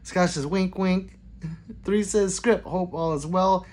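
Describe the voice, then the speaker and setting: A man's voice: high-pitched, takes it slowly, darkish tone, a little hiss or hum. A man hosting a casual livestream, reading viewer comments aloud in a rambling, apologetic way and muttering between them. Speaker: gun channel livestream host.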